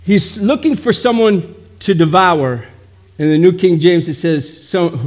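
A man's voice: high-pitched, unhurried, a little mellow. A middle-aged man preaching a sermon, emphatic and calling out "amen?" again and again. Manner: emphatic, frequent calls of "amen?". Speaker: pastor.

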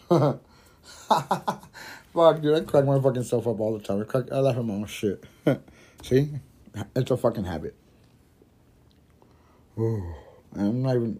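Stoned male podcaster, loose rambling delivery, curses constantly, mellow tone. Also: medium pitch. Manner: rambling, heavy swearing, laughs at own jokes. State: high while smoking. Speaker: podcast host. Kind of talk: casual storytelling monologue.

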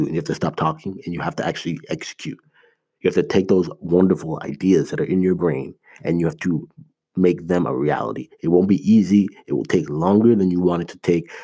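A man with a very low, husky voice gives a motivational talk in an earnest, emphatic way. He is from Canada and speaks conversationally, with lots of "like" and restarts. He repeats his key points to drive them home. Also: warm tone.

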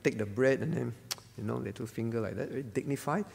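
A man's voice: mid-range voice, fast talker, vocal fry, darkish tone, slightly rough, big-room sound. A male pastor giving a conversational sermon at a prayer meeting, often checking in with the congregation by asking "all right?". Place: church hall.

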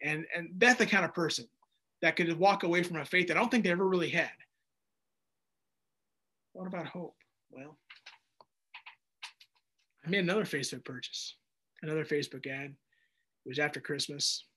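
A man's voice: fairly high pitch, moderate pace, long pauses. A man preaching a sermon, telling personal stories animatedly and acting out his own dialogue. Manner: animated storyteller, acts out dialogue in raised voice. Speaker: pastor.

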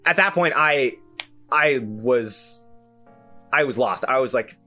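A man's voice: medium pitch, slow, soft background music. Young man telling a story. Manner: animated, self-amused, many fillers and restarts. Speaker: podcast host. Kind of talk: casual solo storytelling.

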